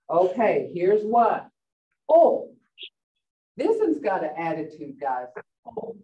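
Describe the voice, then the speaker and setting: A woman teaching a language class, saying words slowly and repeating them to stress their sounds and tone. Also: on the low side, warm tone. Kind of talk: pronunciation lesson. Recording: dull, roomy, distant from the mic.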